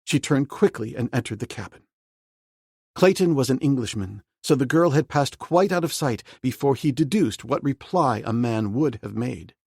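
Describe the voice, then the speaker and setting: A man reading a novel aloud as an audiobook narrator, in a steady, measured way. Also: mid-range voice, vocal fry, husky, no room sound, studio quality.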